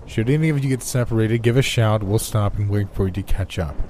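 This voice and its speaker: Man reading as bulky hired guide, calm scripted monotone, deep voice. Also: brisk, a little hiss or hum, lightly acted.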